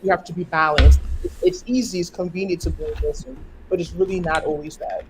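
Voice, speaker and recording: Measured American-accented speaker with faint noise. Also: male voice, sits high. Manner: thoughtful, measured, repeats words while forming points. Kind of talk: casual discussion.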